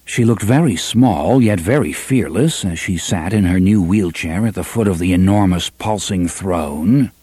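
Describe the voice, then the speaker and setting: A man narrating an audiobook in an expressive storytelling manner. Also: low-pitched, measured pace, hardly any pauses, husky, no echo. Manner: expressive storytelling, varies pace for drama. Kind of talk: scripted narration.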